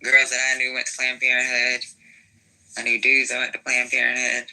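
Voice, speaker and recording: A man's voice: medium pitch, monotone, normal speed, vocal fry, bright, forceful tone, poor audio. A man on a live panel, talking loosely and swearing, reading out news and then riffing on it. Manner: loose, profane, reads out news then riffs. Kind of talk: casual chat.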